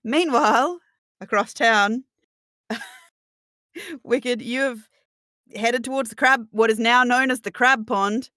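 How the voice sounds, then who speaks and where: A woman game master narrates a tabletop role-playing session in a relaxed, chatty voice, often breaking into laughter. Her voice comes across dry and close, with no room echo. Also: fairly high pitch, slow pace, long pauses.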